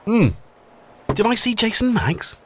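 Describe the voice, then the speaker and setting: A man's voice: high-pitched, sing-song, unhurried, fairly bright tone, a little hiss or hum. A middle-aged man hosting a live stream in casual chat, greeting viewers in the chat one by one. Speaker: livestream host.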